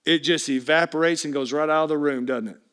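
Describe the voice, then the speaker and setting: A male pastor preaching a sermon, telling the story with lively energy and acting out the people in it. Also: fairly high pitch, fast. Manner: animated storytelling preacher, acts out quoted voices.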